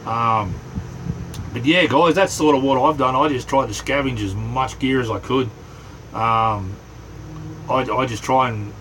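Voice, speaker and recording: A middle-aged Australian man hosting a casual livestream from inside his small camper, rambling in a relaxed way and greeting viewers by name. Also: medium pitch, slight background noise, poor audio. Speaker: livestream host.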